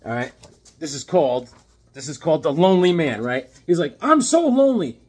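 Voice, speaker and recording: A man in his fifties chatting casually about his comic books, animated and jokey with sudden loud outbursts. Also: fairly high pitch, brisk, husky. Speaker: comic book collector. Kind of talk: casual chat showing comics.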